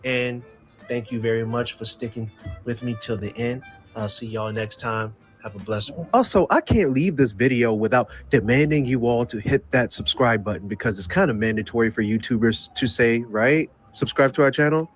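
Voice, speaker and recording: A man telling a story casually on his channel, rambling and animated, then reading out a poem. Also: medium pitch, moderate pace, faint music behind. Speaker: YouTuber.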